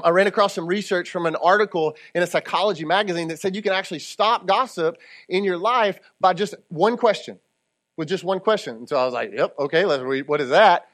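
A man's voice: high-pitched, a bit bright. A man who is a lead pastor, preaching a conversational sermon and often checking in with the congregation. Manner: conversational preaching with audience call-and-response asides.

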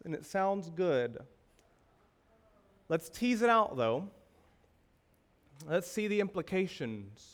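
A man's voice: a little high, big pitch swings, slow pace, pauses often. A male pastor preaching a sermon, asking the congregation rhetorical questions with emphasis.

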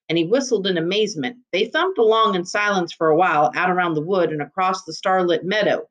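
A woman narrating a chapter of a novel in steady storytelling fashion. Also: on the low side, brisk, few pauses, dull audio. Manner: steady storytelling with character voices. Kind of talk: audiobook reading.

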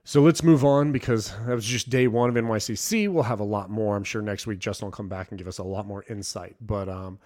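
A man's voice: on the low side, fairly quick, few pauses, darkish tone. A man cohosting a podcast in casual chat, easygoing and filler-heavy, calling others bro and dude.

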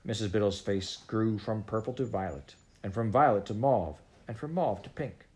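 A man narrating a storybook aloud in a steady, measured reading voice. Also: fairly low pitch. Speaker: audiobook reader.

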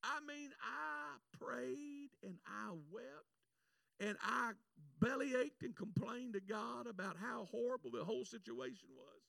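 A man preaching a sermon, telling a personal story with animated delivery and shouted prayers, heard from a distance. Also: very high voice, a little slow, creaky, dry recording.

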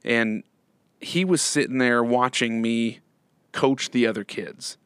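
A slightly hoarse man hosting a casual live podcast, talking in halting bursts full of repeats and restarts. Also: medium pitch, fairly even intonation, fairly bright tone, no echo. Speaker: podcast host.

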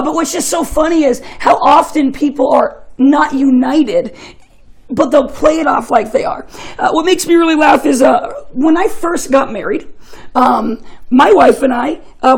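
A man's voice: extremely high pitch, gravelly, slightly rough, rough recording. A young man giving a casual, joking sermon, telling chatty stories and often laughing. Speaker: preacher.

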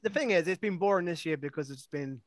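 A man's voice: fairly high pitch, animated, fast talker, dry recording. A man, co-hosting a podcast in casual, rambling, self-mocking chat. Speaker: podcast co-host.

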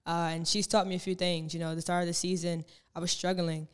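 A young woman, a college basketball player, answering interview questions in a calm, reflective way with many filler words. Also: fairly low pitch, brisk, smooth. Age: young adult. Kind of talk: casual interview.

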